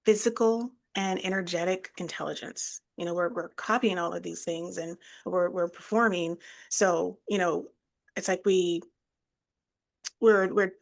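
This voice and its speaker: A woman co-hosting a podcast, speaking in a measured, reflective way with frequent ums. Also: mid-range voice. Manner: measured, thoughtful, fillers like um. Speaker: podcast co-host. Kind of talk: reflective conversation.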